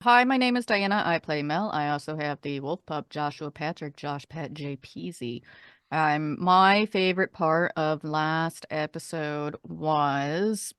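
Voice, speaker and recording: A low-voiced woman, a player on a tabletop podcast, talks loosely with a rambling, laughing way. The sound is close and dry. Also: unhurried, a bit bright, smooth, dry recording. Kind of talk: casual podcast chat.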